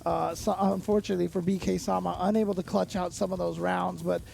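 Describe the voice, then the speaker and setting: A man's voice: sits high, little pitch movement, fast, gravelly, darkish tone, a little hiss or hum. A man giving tired, chatty commentary on a live fighting-game tournament late at night, joking and laughing between calls. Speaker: esports commentator.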